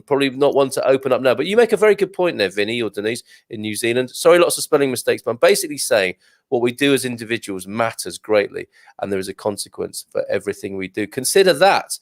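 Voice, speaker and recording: Guy with a gravelly voice reading viewer comments on his live show, lots of ums, dry close sound. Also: mid-range voice, animated, quick pace, dry recording. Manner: chatty, reads comments aloud with asides and fillers. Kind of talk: casual live-stream chat.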